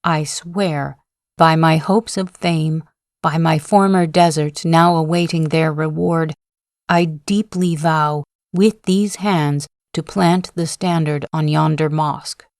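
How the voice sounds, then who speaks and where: A woman voices a proud male general in a sleep-story audiobook, declaiming his defiance in long, solemn oaths. She reads slowly and evenly in a lowish register with impassioned, declamatory oratory. The recording is dry and close, with no room sound.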